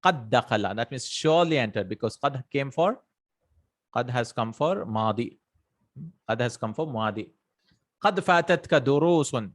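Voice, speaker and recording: A man's voice: mid-range voice, expressive, normal speed. Man patiently explaining Arabic grammar. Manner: explains patiently, often checks in with "right?" and "hmm?"; reads out and translates example sentences. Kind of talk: explanatory lesson.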